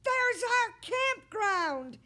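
A woman voicing a small, eager male dog who squeals his lines in a very high voice. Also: sing-song, takes it slowly, exaggerated voice. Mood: excited. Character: lost little male dog, cheerful and eager.

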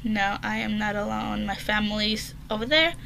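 A woman's voice: medium pitch, normal speed, gravelly, pushed and bright, slight background noise. A woman in her bedroom giving casual horror game commentary, reading questions aloud and answering them in a jumpy, chatty way. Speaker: gaming channel host.

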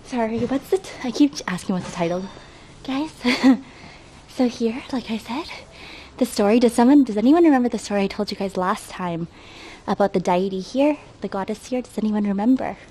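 Her voice is a little high and warm, moving at a moderate pace as she huffs up outdoor stairs on a travel livestream. Talking through her face mask amid outdoor background noise, she chats easily with viewers, greets them by name, reads the chat out loud and makes jokes at her own expense.

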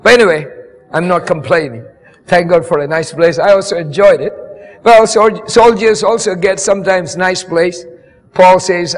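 Older guy pastor preaching, really high voice for a man, big echoey hall, gets fired up. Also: lively intonation, normal speed. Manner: preaching, rising to fervent exhortation. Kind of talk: sermon. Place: church camp meeting hall. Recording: long hall reverb.

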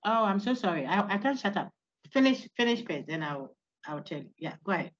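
Animated woman lecturing online. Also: medium pitch, a little fast. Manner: animated, asks rhetorical questions. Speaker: philosophy lecturer. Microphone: video call. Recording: lo-fi online call audio.

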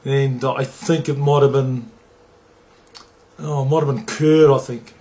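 A middle-aged man recalls his playing days in an interview. He talks plainly, swears freely and acts out what others said, at an everyday pitch. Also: steady tone, unhurried, mellow. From New Zealand. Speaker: former rugby league player. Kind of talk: interview storytelling.

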